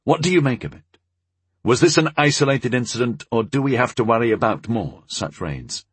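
An eager young mage, as a male narrator plays him, pitched higher than the narration, pressing with quick, urgent questions. His husky voice swings widely in pitch. The recording is dry and close. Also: animated, no echo.

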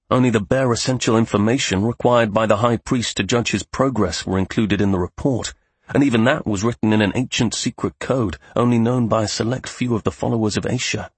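Man, audiobook narrator, measured, husky, dry close recording. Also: lowish voice, no room sound. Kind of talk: scripted fantasy narration.

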